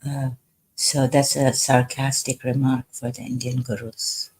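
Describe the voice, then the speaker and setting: A woman talking in a rambling livestream monologue, hesitant and halting, pausing often. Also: extremely low pitch, little pitch movement, darkish tone. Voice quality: husky. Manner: halting, hesitant, full of pauses. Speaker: live streamer.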